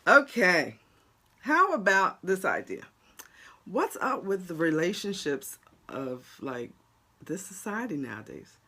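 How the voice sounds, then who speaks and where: Blunt, lively New Jersey woman coach. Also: fairly low pitch, slow pace, noisy background. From New Jersey, USA. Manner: blunt, animated, talks straight to viewers with frequent laughs. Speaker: life coach. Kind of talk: casual livestream chat to viewers.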